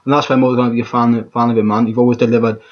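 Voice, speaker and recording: A man's voice: medium pitch, little pitch movement, very fast, lo-fi sound. A man reviewing a rap track in an exasperated, profane rant, often stumbling and repeating himself. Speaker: music reaction vlogger. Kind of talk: ranting reaction commentary.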